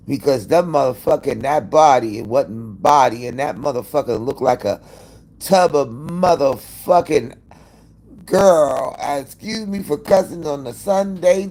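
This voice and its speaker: A man hosting a casual live-stream chat, gossiping in a profane, dramatic way. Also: fairly high pitch. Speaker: livestream host.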